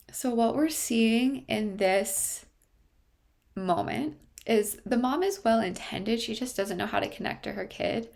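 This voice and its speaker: A woman's voice: mid-range voice, gravelly, darkish tone. A woman therapist explaining a TV series in a thoughtful way, often stopping to search for her words.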